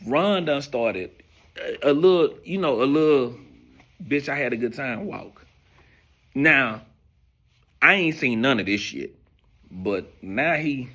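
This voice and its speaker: A man telling a profane stand-up comedy story, swinging between loud bursts and hushed asides. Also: mid-range voice, slow, pauses often. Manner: profane, animated storytelling with sudden volume drops.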